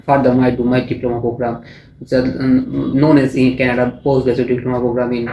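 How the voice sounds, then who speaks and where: A young man with a Bangladeshi accent answering a mock speaking exam, halting and often restarting his phrases. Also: mid-range voice, level tone, lo-fi sound. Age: young adult. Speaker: test candidate. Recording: echoey room with faint noise.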